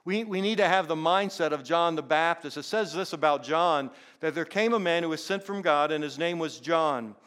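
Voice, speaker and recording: Smooth-voiced older pastor telling stories. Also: male voice, fairly high pitch, moderate pace, hardly any pauses, fairly bright tone. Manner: earnest, repeats words as he goes. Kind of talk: sermon storytelling.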